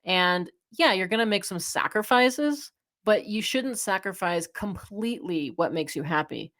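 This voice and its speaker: A woman's voice: medium pitch, lively intonation, unhurried, a bit bright. A woman in her thirties hosting a solo advice podcast, talking frankly and casually with lots of fillers. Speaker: podcast host, chiropractor.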